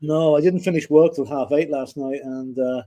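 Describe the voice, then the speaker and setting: A man's voice: fairly high pitch, steady tone, moderate pace, mellow. A man from Ireland co-hosting a casual sports livestream, with a dry, wry humor. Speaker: livestream co-host.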